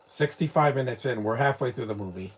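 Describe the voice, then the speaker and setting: Husky opinionated man. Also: mid-range voice, brisk. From New York, United States. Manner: rambling, opinionated, frequent restarts. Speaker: live movie commentator. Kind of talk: casual live watch-along commentary.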